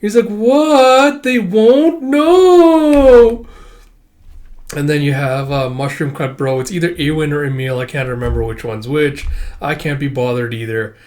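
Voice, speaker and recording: A man's voice: medium pitch, fairly even intonation, a little fast. A man hosting a casual manga read-through, rambling with many fillers. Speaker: host.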